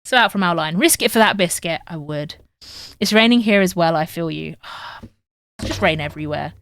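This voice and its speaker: Low-voiced English woman chatting while sewing. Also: animated, moderate pace, fairly bright tone, a little hiss or hum. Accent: northern English. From England. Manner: chatty, reads chat aloud and talks to viewers while sewing. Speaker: streamer. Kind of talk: casual sewing livestream chat.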